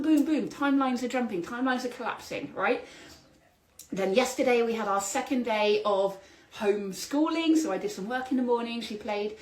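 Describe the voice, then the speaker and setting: Animated woman in a roomy echo. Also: on the high side. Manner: animated, exclamatory, spiritual vocabulary. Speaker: podcast host. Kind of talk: solo podcast storytelling.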